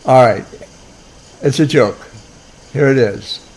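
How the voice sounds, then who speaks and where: A man hosts a live audio room and talks loosely, often restarting his sentences. His voice sits at an ordinary middle pitch. He chuckles as he goes. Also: slow pace, a little mellow, rough recording. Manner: rambling with many restarts and chuckles. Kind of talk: casual chat.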